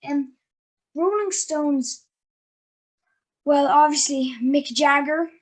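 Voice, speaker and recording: A woman's voice: high-pitched, slow pace. A woman hosting a casual interview, chatty and giggly, with lots of ums and likes. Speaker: interviewer and host.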